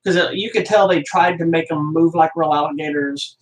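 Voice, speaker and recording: A man's voice: fairly high pitch, fairly even intonation, a little fast, recorded from a distance. A man co-hosting a casual movie review podcast, rambling and joking, often correcting himself mid-sentence. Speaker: podcast co-host. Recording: roomy sound from off-mic.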